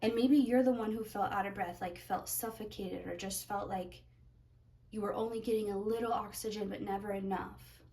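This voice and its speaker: Gravelly-voiced woman giving a tarot reading. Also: medium pitch, steady tone, normal speed, dark tone, distant mic, poor audio. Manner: rambling, searching for words, many fillers. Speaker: tarot reader. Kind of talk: pick-a-card tarot reading.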